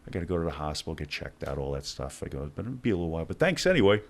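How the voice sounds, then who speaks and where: A deep-voiced man, a former hostage negotiator, races through a story as a guest in a podcast interview. He's an animated storyteller who acts out the dialogue.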